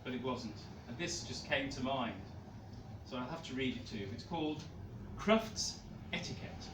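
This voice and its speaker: A man doing a comic poetry reading at a small live venue, breaking into loud shouted lines. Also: medium pitch, normal speed, background noise. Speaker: performance poet. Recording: roomy, distant live room mic.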